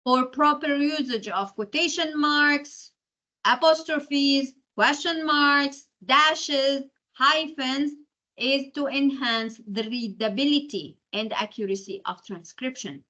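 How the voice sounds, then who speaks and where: Bright-voiced lecturer. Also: female voice, sits high, takes it slowly, highs cut off. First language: Arabic. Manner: explanatory, keeps checking in with "okay?". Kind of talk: university lecture.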